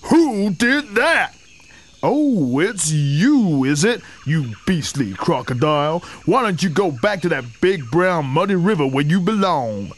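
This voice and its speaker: A man voicing a big, indignant male elephant who scolds loudly, with a slightly breathy voice. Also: very animated, takes it slowly, exaggerated voice. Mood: scolding. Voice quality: big, deep voice. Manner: outraged, scolding, shouting.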